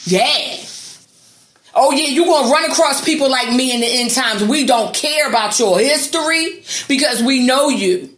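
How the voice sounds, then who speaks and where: A woman's voice: high-pitched, normal speed, a bit bright, roomy sound. A woman delivering an angry, sarcastic, profanity-heavy rant to her viewers. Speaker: vlogger. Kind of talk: angry ranting monologue.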